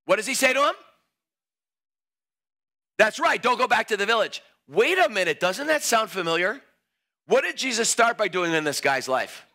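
A man preaching a sermon, telling a story, laughing and rising to shouts. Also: high-pitched, very animated, moderate pace, long pauses. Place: church hall.

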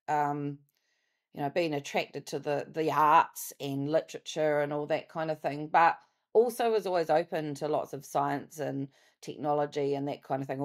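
A woman with a New Zealand accent, chatting as a podcast guest in a loose, rambling way, laughing easily. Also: deep voice. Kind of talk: casual interview chat.

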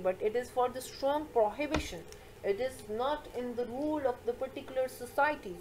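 Woman teacher, mid-pitched voice, explanatory lesson, repeats points, faint background hiss. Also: darkish tone, rough recording. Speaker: school teacher. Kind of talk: recorded English grammar lesson.

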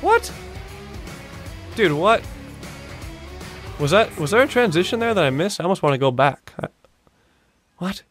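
A young man hosting a video-game montage reaction, talking casually, swearing often and bursting out in excited disbelief. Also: sits high, fairly quick, faint music behind. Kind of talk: casual gaming reaction commentary.

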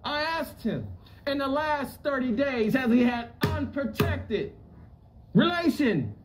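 A man with a high voice and a very lively, bouncing pitch runs a staged confrontation like a showman. He teases and presses the couple with theatrical questions, played from a show clip. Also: takes it slowly, over music. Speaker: bounty hunter host of a prank show.

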